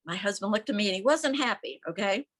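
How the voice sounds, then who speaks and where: Older woman, mid-pitched voice, emphatic and animated, interview guest. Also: fast talker. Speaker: interview guest, veteran's widow. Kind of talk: conversational storytelling. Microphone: remote audio call.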